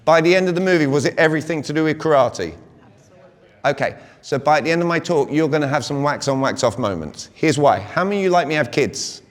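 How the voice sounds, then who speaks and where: This British man in his 40s gives a live motivational sales talk at a conference, his high voice booming through a big hall with long reverb. He is brisk and energetic and keeps quizzing the audience.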